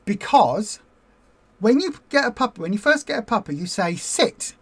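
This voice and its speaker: A woman hosting a weight-loss group livestream, chatting casually and rambling into lively acted-out asides. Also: medium pitch, moderate pace, breathy edge.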